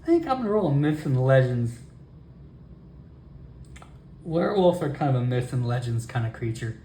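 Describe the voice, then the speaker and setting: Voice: mid-range voice, very animated, moderate pace, mellow, echoey room, slight background noise. A solo tabletop role-player narrating casually and thinking aloud about dice rolls.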